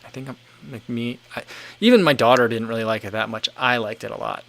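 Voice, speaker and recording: A man in his thirties hosts a relaxed livestream, reading out viewer comments and riffing on them. His voice sits at an ordinary middle pitch. He meanders, circles back and fills gaps with "like" and "um". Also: quick pace, creaky. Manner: rambling and easygoing, leans on "like" and "um". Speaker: livestream host.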